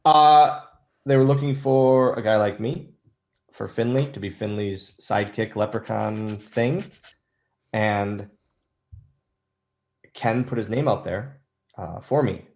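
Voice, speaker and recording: A man in his thirties speaks in a fairly low voice, recounting his career in a relaxed interview. He tells it as anecdotes, slipping into quoted lines from the people involved. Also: a little slow, gravelly, long pauses. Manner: animated storyteller, acts out quoted lines. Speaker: interview guest, former wrestler. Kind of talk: casual storytelling interview.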